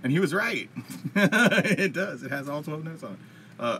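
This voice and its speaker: A man's voice: a little high, animated, unhurried, sharp tone, a little hiss or hum. A man hosting a casual live-streamed music Q&A, answering chat from his computer in a rambling, upbeat way with lots of fillers. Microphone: computer mic at a desk.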